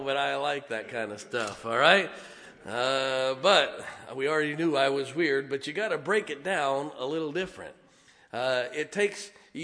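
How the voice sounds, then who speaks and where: A man in the pulpit preaching in a plain, folksy manner, talking through his points with props in hand. His voice sits at an ordinary middle pitch. The sound carries a long reverb from a large hall. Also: a bit bright. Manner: folksy and conversational, demonstrating with props. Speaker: pastor. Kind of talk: sermon.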